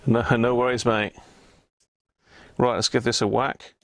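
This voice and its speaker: A man's voice: medium pitch, little pitch movement, unhurried, no room sound. A man hosting a live stream, chatting casually and muttering to himself while repairing a radio. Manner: chatty, self-deprecating, muttering while working.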